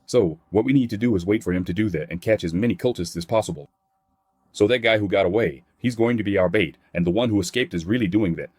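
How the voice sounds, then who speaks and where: A man's voice: fairly low pitch, a little mellow, husky, no room sound, studio quality. A man narrating a comic recap in a plain scripted read, voicing characters' quotes in his own voice.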